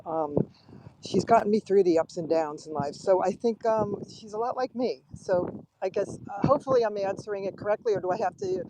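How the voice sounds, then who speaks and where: Chatty woman calling in from a store. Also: lowish voice. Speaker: podcast guest. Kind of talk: casual podcast chat. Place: pet store. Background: faint background noise.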